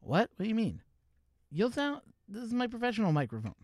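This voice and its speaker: A man's voice: high-pitched, huge pitch swings, fairly quick, darkish tone, no echo. A man from Canada hosting a livestream, chatting casually about microphones with a joking, explanatory manner on a studio mic. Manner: jokey, explains gear, breaks into laughter. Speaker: livestream host. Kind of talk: casual chat to a co-host on stream. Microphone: professional mic wired into a mixer.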